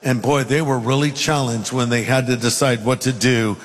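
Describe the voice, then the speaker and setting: A man preaching a sermon, speaking emphatically and reading scripture aloud with dramatic pauses. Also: mid-range voice, steady tone, long reverb tail.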